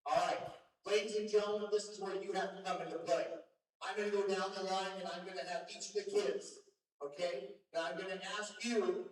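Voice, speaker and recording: High-voiced man announcing in an echoey ring. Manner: playful, teasing banter with kids. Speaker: show emcee. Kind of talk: live announcing to a crowd. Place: county fair show ring. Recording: echoey, distant, faint noise.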